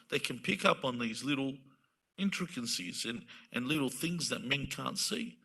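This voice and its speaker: A man speaking at a religious centre in a relaxed, conversational way, with a very bright, forceful tone. He stays at a middle pitch and slips into little acted-out exchanges as he talks. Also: moderate pace, gravelly, breathy edge. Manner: conversational, acts out everyday dialogues. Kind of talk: sermon-style talk.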